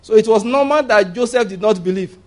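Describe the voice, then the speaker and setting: A man preaching a sermon, animated and humorous, often restarting sentences and acting out the voices he quotes. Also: high-pitched, brisk.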